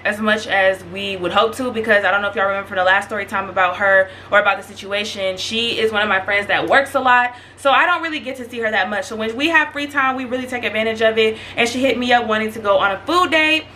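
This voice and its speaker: A woman's voice: fairly high pitch, quick pace, hardly any pauses, slight background noise. A young woman vlogger telling a casual storytime to her viewers, chatty and slangy, talking straight to the audience. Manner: chatty, animated, slangy, addresses viewers directly.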